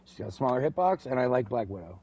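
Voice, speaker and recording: A man's voice: mid-range voice, very animated, quick pace, darkish tone, slight background noise, low-quality recording. A man casually commenting on his gameplay, rambling and interrupting himself. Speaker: game streamer.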